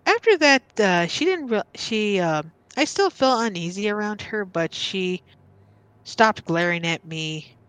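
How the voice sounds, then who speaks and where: A woman's voice: mid-range voice, animated, unhurried, a bit bright, clean tone, dry recording. A woman guest casually telling a true story from her childhood, rambling with lots of fillers and acting out what others said. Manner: rambling, filler-heavy, acts out quoted voices.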